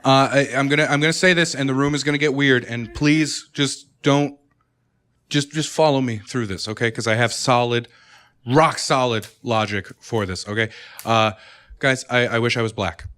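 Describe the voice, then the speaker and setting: A man doing stand-up comedy in a club. His voice sits at an ordinary middle pitch and he makes fun of himself. He keeps jumping up into high, excited outbursts. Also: normal speed, smooth. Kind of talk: stand-up routine.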